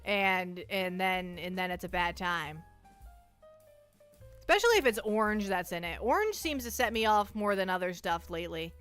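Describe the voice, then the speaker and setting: A woman's voice: lowish voice, expressive, moderate pace, fairly bright tone, soft background music. A young woman streaming, casually chatting with her viewers in a self-mocking, talkative way. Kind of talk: casual livestream chat.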